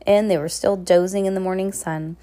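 A woman's voice: medium pitch, fairly even intonation, fairly quick, dark tone. A woman casually reading a novel aloud, unpolished, correcting herself and adding little asides. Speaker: reader.

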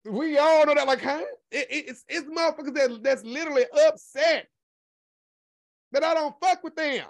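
A man hosting a casual livestream, talking back to his chat in a sassy, profane way and sliding from a low drawl up to high exclamations. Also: moderate pace. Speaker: host.

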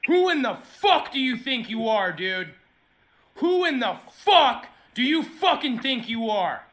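Man, furious profane rant, lively swinging pitch, faint hiss. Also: a little slow. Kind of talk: angry rant to a customer line.

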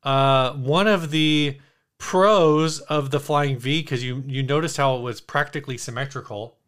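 A man's voice: medium pitch, unhurried, a bit bright. A man co-hosting a podcast, chatting in a playful way and reading listener comments aloud. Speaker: podcast co-host. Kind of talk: casual chat.

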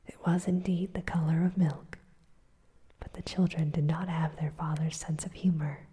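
A woman reading a storybook aloud in a breathy whisper, softly voicing the characters' lines. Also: sits low, steady tone. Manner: soft, unhurried reading that voices the characters' lines.

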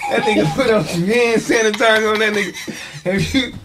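A man's voice: high voice, brisk, over music. A man hosting a rowdy casual podcast chat, laughing a lot and calling everyone homie. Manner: loud, laughing, repeats "homie" and "my nigga". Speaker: podcast host.

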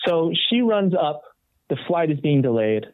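A man, a rock guitarist and podcast guest, telling a story in a casual, animated way and acting out the other people's voices. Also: fairly high pitch, unhurried, no room sound. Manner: animated, acts out quoted voices. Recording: tinny phone-like dry audio.

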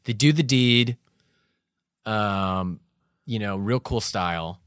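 A man's voice: lowish voice, slow, a bit bright, clean tone, dry recording, studio quality. A man co-hosting a casual comedy podcast, telling a joking story in a loose, chatty way. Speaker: podcast co-host.

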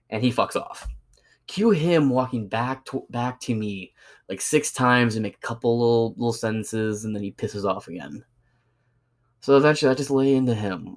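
A man's voice: medium pitch, normal speed. A young man ranting casually about a coworker, profane and sarcastic as he tells the story. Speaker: podcast host.

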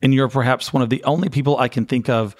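A man's voice: mid-range voice, steady tone, fast talker. Man hosting an interview, earnest. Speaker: interview host. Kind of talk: casual interview.

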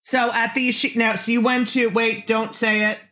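A woman's voice: fairly high pitch, level tone, normal speed, bright, forceful tone. A woman in her forties hosting a casual interview, brash and joking, swearing freely, with a phlegmy throat. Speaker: podcast host.

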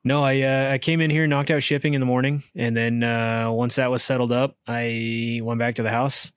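A man co-hosting a podcast, talking in a laid-back, relaxed way with lots of uh fillers. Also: medium pitch, moderate pace, clean tone, no echo, clean studio sound. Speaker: podcast co-host. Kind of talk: casual chat.

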